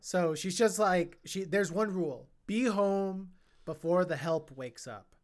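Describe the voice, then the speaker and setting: A podcast co-host in casual film review chat, talking in an animated, chatty way with many fillers and restarts. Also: medium pitch, a little slow.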